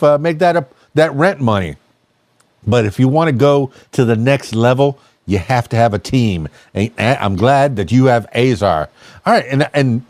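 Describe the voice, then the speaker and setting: A man's voice: mid-range voice, a little mellow, no echo. Man, podcast host, casual, rambling, many restarts, dry close sound. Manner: rambling, halting, full of restarts. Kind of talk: casual chat.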